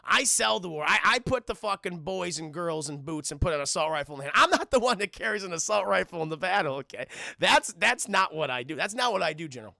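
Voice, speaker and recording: A man casually acting out a jittery army PR officer who talks his way around every order, stumbling over his words and pleading in a rush. The voice sits high and bright, with a gravelly edge and a dry, close sound. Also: lively intonation, no room sound, full character voice. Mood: nervous pleading. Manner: fast, stammering, pleading. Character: nervous smooth-talking male army PR officer.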